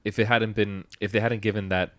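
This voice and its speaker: A man's voice: fairly low pitch, level tone, a little fast, no room sound. A man co-hosting a fan podcast, chatting casually, laughing often and explaining things at length. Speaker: podcast co-host. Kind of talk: casual chat.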